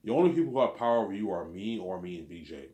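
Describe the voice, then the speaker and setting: A man's warm, low-pitched voice races along expressively as he rambles in a loose monologue. The vlogger keeps repeating and restarting phrases, and the room around him echoes.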